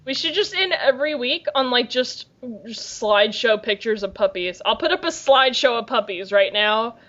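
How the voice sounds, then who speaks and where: A woman's voice: fairly high pitch, expressive, moderate pace, fairly bright tone. A young woman co-hosting a podcast in casual chat, rambling and giggling through stories. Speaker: podcast co-host. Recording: lo-fi muffled podcast audio.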